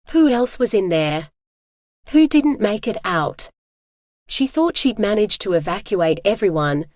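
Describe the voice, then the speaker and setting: A woman narrating a science fiction romance audiobook in a steady, even reading voice. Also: medium pitch, no room sound, clean studio sound. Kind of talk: scripted narration.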